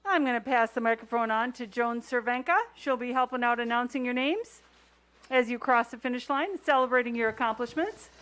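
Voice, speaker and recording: A woman's voice: on the high side, brisk, fairly bright tone. A woman announcing skiers at a race finish line, welcoming each finisher by name in an upbeat way. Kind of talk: live race-call announcing.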